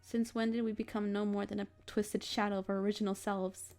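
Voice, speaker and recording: A tired young heroine speaks softly and earnestly, read by a woman playing through a visual novel. There is a touch of fry in the voice and faint music behind. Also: medium pitch, flat delivery, brisk, natural voice.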